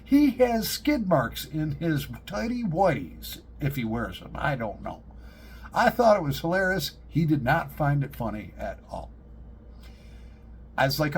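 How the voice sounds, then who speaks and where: A man's voice: a little high, a little slow, slightly rough. Joking man telling stories. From upstate New York. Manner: animated, joking, laughs at his own stories. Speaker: pipe-smoking vlogger. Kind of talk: casual storytelling to camera.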